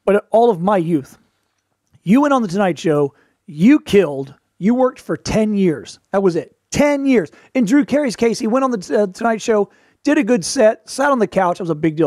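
A man hosting a show, giving casual advice in a wry storytelling way, with quick asides. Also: high voice, expressive, warm tone, dry recording, studio quality. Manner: quick asides and playful put-on voices for quotes. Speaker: podcast host, performer.

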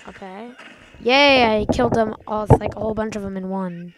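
A young woman hosting a gaming channel, giving casual let's-play commentary and yelping and shouting catchphrases as she plays. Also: medium pitch, normal speed, noisy background. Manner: excitable, yelps and shouts catchphrases.

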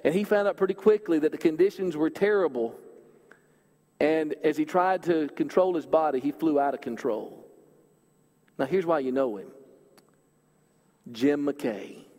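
A male preacher giving a sermon in a church, earnest, speeding up and swelling through scripture readings and dropping low and soft on key points. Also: measured pace, pauses often. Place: church auditorium. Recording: hall reverb.

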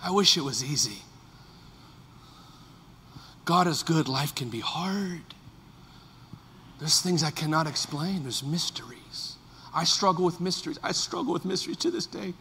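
A man in his fifties, a pastor preaching a sermon, moving from soft, confiding talk to shouted, fervent passages. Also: fairly high pitch, a little slow, pauses often, in a large hall, slight background noise. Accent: Californian.

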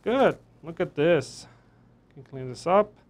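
Chef guy doing a live cooking class in his kitchen, high-ish voice, jokey and chatty the whole way. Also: animated, takes it slowly, background noise. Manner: chatty, joking, explains as he works. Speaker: chef instructor.

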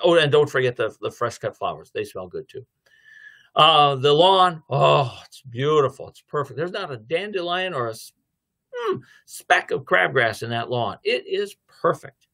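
A middle-aged man giving a devotional lecture, telling a story and acting out both sides of a conversation. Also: mid-range voice. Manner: lively storytelling, acting out dialogue. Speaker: theology lecturer.

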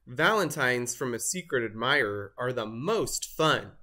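A storybook reader voicing an excitable male turkey with a high squawky gobbling voice. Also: unhurried. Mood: eager. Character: excitable male turkey who loves secret valentines. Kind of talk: storybook read-aloud.

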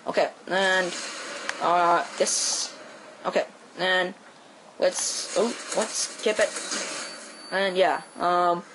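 A man with a Quebec French accent, a native French speaker, talks through his gameplay at an easy, slow pace. He swears freely and breaks into sudden high-pitched yelps and cries during the action. A faint noise hums beneath his voice. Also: fairly even intonation. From Quebec, Canada. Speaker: gameplay commentator. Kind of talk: casual gameplay commentary.

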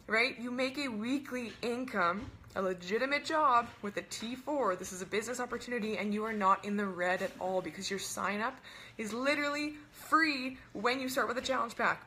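A young woman coaching online, pitching casually in an upbeat, fast-talking, chatty way and often asking "right?". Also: bright, forceful tone, a little hiss or hum.

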